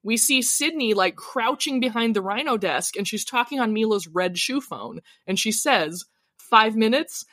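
A woman co-hosting a podcast, telling the episode's story in a casual, expressive, often laughing way. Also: on the high side, moderate pace, few pauses, no echo, clean studio sound. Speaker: podcast co-host. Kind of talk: casual recap chat.

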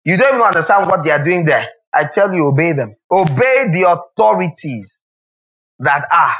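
Man, pastor, sermon, emphatic, repetitive, rhetorical questions, joking asides, a bit high-pitched. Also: sing-song, fairly quick, a bit bright, poor audio.

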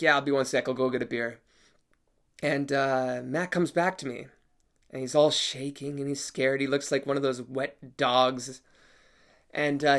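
A man casually telling a personal story, animated, laughing often and swearing casually. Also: fairly high pitch.

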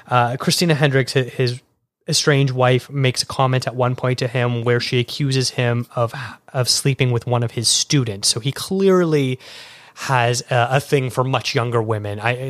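A man's voice: mid-range voice, dry recording, studio quality. Chatty man reviewing a film. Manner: talkative, lots of fillers and restarts. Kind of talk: casual film review chat.

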